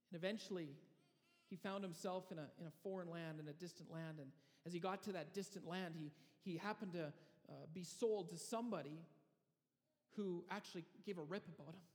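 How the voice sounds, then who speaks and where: A man preaching a sermon, telling a story with dramatic pauses and frequent restarts. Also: sits high, a little mellow, in a large hall. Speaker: pastor.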